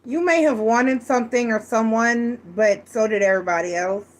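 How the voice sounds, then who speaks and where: A woman's voice: a little high, moderate pace. A woman giving a casual, frank tarot reading, chatty and full of restarts. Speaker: tarot reader.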